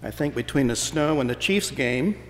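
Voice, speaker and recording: A man's voice: medium pitch, lively intonation, moderate pace, a little hiss or hum. A man preaching a sermon as pastor, telling stories in a folksy, playful way to his congregation. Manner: folksy storytelling with playful voices. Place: church sanctuary. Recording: church hall reverb.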